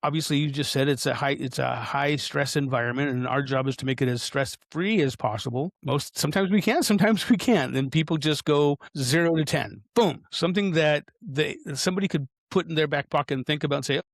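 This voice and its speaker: A man co-hosting a casual podcast, joking and halting, asking long roundabout questions. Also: a little high, dry recording, studio quality. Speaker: co-host.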